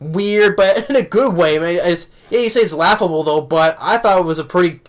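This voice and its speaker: A man's voice: high-pitched, fairly quick. A young man casually reviewing a movie, rambling with many restarts and laughs.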